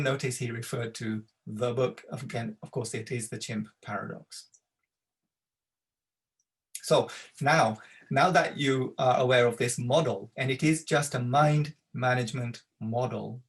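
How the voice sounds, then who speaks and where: A man's voice: mid-range voice, steady tone, measured pace. A male tutor giving a conversational slide talk to parents, explaining with the odd filler. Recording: voice from a distance from the mic.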